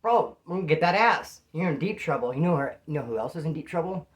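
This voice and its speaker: A man from Bakersfield tells a story from his prison days. He talks fast, in animated street slang, as a casual storyteller. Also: fairly high pitch. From Bakersfield, California.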